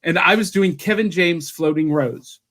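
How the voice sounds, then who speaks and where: A man hosting a casual podcast chat, telling stories in an animated way. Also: fairly high pitch, moderate pace. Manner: animated storyteller. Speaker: podcast host.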